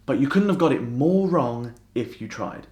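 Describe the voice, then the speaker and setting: A young man, a book vlogger who talks casually and with a dry, deadpan edge, often getting enthusiastic. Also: medium pitch, normal speed. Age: young adult. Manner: dry and deadpan in the sketch, chatty and enthusiastic about books. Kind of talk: casual chat. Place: indoors in a flat. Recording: echoey room.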